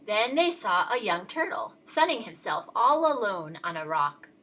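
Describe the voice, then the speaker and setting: A woman reading a children's picture book aloud in an expressive read-aloud style. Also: mid-range voice, normal speed. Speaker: storyteller.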